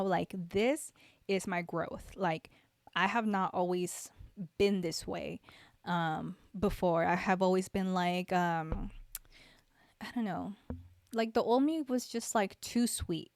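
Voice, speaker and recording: A young woman talks unhurriedly on her solo podcast, her voice smooth and clear. She rambles and reflects, circling back with fillers and restarts. The sound is dry and close, with no room around it. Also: medium pitch, slow, no room sound. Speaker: podcast host. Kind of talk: casual solo podcast talk.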